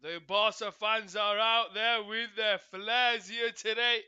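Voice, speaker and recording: A man's voice: high voice, steady tone, slow, pushed and bright, clean tone, dull audio. A man hosting a live football watchalong, chatting to his viewers by name and calling out the team news with hype. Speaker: watchalong host.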